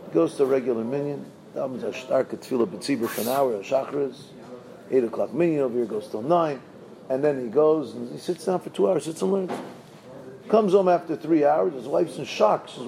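A man's voice: medium pitch, a little fast, gravelly, warm tone, poor audio. A male rabbi giving a sermon, telling stories animatedly and chanting repeated verses.

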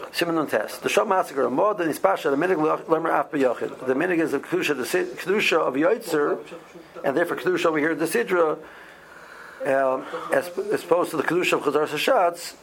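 A man, teaching a halacha class in a halting way, with many ums and restarts. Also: a little high, vocal fry, a bit bright, poor audio. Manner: halting, many ums and restarts, mixes Hebrew and Aramaic terms. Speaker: Torah teacher. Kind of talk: halacha class explaining Jewish law.

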